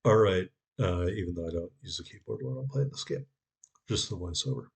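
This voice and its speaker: A man's voice: low voice, a little fast, creaky, husky. A man giving a sarcastic, wry voice-over commentary on his own gameplay.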